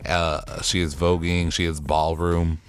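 A man's voice: deep voice, little pitch movement, unhurried. A man hosting a podcast recap, ranting in a profane, sassy and exasperated way. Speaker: podcast host recapping a TV show. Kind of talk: casual solo recap rant.

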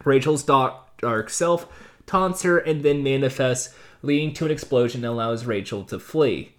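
A man's voice: mid-range voice, normal speed. A man in his late twenties casually recapping TV episodes, rambling and sarcastic, with the odd curse word. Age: late 20s. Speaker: TV show recapper.

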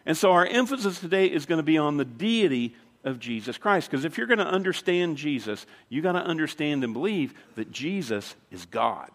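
A man's voice: fairly high pitch, very animated, fairly quick, few pauses, fairly bright tone. A man preaching a sermon as pastor, telling a story in a conversational way with dramatic emphasis. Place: church sanctuary. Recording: long reverb of a large hall.

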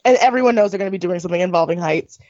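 A woman's voice: lowish voice, racing, a little mellow, no echo. A young woman co-hosting a podcast, trading snarky, opinionated reactions in casual chat. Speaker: podcast co-host. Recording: dull, dry recording.

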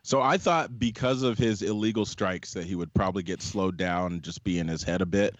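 A man's voice: sits low, fairly quick, no echo, lo-fi sound. A man co-hosting a podcast in casual sports chat, opinionated and arguing his points at length. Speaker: podcast co-host.

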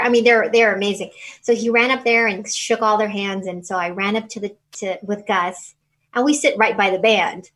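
A woman guest in an interview, recounting a personal memory with feeling. She talks in halting runs, full of fillers, restarts and trailing phrases. Her pitch sits in a middle range. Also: fairly bright tone, poor audio.

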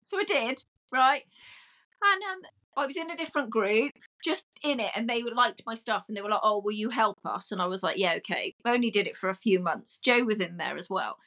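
A middle-aged woman, a podcast guest chatting in a loud, self-mocking way. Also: on the high side, expressive, a little fast. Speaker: guest, cake decorator. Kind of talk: casual chat.

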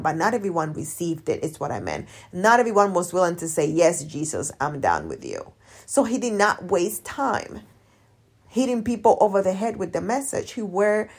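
Emphatic, lively woman podcast coach. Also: lowish voice. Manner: lively, emphatic, repeats key phrases. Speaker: business coach. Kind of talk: casual solo podcast talk.

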